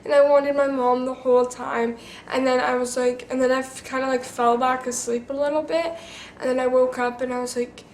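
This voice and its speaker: A teenage girl with a high voice chats to her camera, telling a story in a loose, rambling way full of fillers and restarts. She is recorded in an echoey room with a faint hum behind her. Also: level tone, brisk. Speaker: vlogger.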